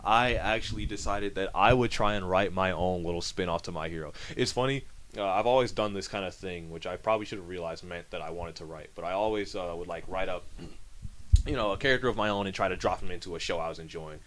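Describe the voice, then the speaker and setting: A young man co-hosting a podcast, chatting casually and rambling with lots of fillers and animated asides. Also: low-pitched, fast talker, a little hiss or hum. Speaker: podcast co-host. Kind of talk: casual chat.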